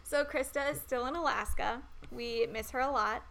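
Woman podcast co-host, fairly high voice, upbeat, chatty, laughs easily. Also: normal speed, vocal fry, a bit bright, poor audio. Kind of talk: casual podcast chat.

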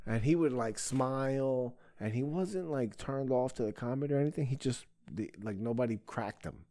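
A young man, a comedian and podcast host, telling a profane, animated story in casual chat. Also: mid-range voice, moderate pace, no room sound. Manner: profane, animated storytelling with frequent "bro" and "right?".

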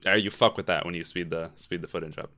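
A man's voice: low voice, fairly even intonation, quick pace, bright, forceful tone. A man co-hosting a podcast in casual chat, rambling with many "uh" fillers and casual swearing. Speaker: podcast co-host.

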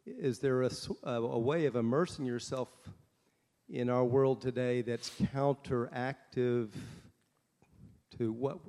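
Male audience questioner, slow and deliberate, warm dark tone, hall reverb. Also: mid-range voice, steady tone. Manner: slow, deliberate, searching for words. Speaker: audience member asking a question. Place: conference hall.

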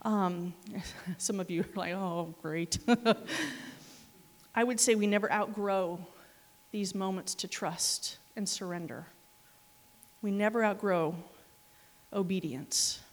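A woman preaching a sermon, telling stories with laughs, asides and animated quoted reactions. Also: mid-range voice, slow pace, long pauses. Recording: long hall reverb.

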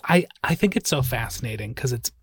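A woman's voice: rumbling low, animated, brisk, slightly rough, no room sound. A woman co-hosting a podcast in casual chat, listening closely with many mm-hmms and adding wry remarks. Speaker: podcast co-host.

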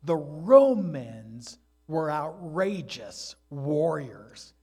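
Animated man preaching a sermon. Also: on the high side, extremely slow, breathy edge. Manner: animated storytelling preacher, acts out voices in stories. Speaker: pastor.

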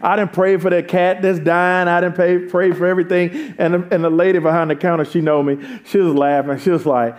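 High-voiced preacher. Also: male voice, a little fast, few pauses. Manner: animated preaching, swings between calm talk and raised emphatic calls; conversational, humorous asides to the congregation. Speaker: pastor. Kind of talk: sermon.

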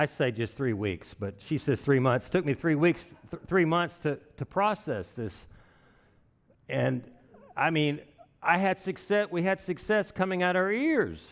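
A man's voice: medium pitch, long reverb tail. A man in his sixties preaching a sermon in a conversational, storytelling way, with chuckling asides. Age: 60s.

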